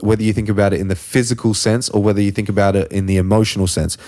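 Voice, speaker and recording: A man with a fairly low voice hosts a casual podcast conversation. He rambles and philosophizes, stopping to search for words and swearing freely. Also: steady tone, rapid-fire, warm tone. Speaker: podcast host.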